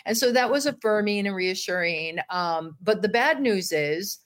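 A woman's voice: mid-range voice, lively intonation, moderate pace. A woman guest in a talk interview, earnestly explaining her organization's work. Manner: earnest, explanatory, uses fillers. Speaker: guest, education advocate. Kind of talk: interview answer.

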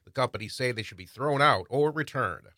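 Man, newscaster, scripted news read, formal, bright tone, dry studio. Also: mid-range voice, animated, dry recording. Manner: measured, formal news delivery. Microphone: studio microphone.

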